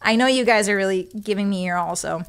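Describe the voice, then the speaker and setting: A woman's voice: mid-range voice, quick pace, clear, resonant tone. A young woman streamer chatting casually with her live audience, emotional and giggly as she talks and reads chat.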